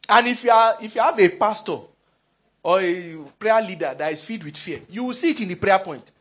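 A man preaching a sermon in an animated, humorous way, laughing often. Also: sits high, a little fast. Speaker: pastor.

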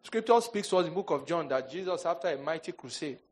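Speaking fast in a fairly high voice, a male pastor preaches a sermon full of humorous stories and quoted voices he acts out. He's an animated storyteller who mixes in jokes and mock quotes, and the audio has a little hiss or hum.

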